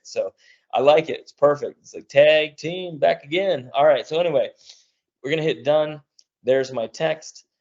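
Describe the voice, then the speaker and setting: A man's voice: mid-range voice, darkish tone. A man in his thirties runs a live online teaching demo, upbeat and conversational. His voice sits in a middle register. The sound is a little dull, like typical webinar audio from a computer mic. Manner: upbeat, chatty, says "all right" often. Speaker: webinar presenter.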